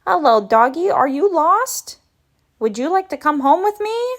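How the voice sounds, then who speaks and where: A woman's voice: sits high, very animated, unhurried, fairly bright tone, voice pushed up, exaggerated voice. A woman voicing a sugary, smothering little girl in a storybook read-aloud, cooing in baby talk. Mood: sweet.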